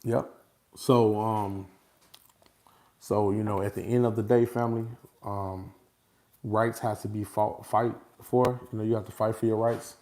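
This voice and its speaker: A man talking casually and without a script to his followers, animated and repetitive, often breaking into laughter. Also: fairly low pitch, a little slow. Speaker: vlogger addressing his followers. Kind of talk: casual unscripted monologue.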